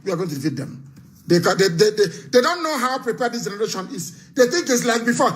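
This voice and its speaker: A man hosting a live call-in broadcast, speaking in forceful, repetitive oratory. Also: very high voice, animated, quick pace. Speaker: host.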